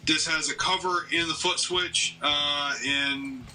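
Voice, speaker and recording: A man co-hosting a casual chat show, talking in a halting way with frequent filler pauses. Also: fairly high pitch, fairly even intonation, pushed and bright, recorded from a distance, faint music behind, low-quality recording. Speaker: co-host.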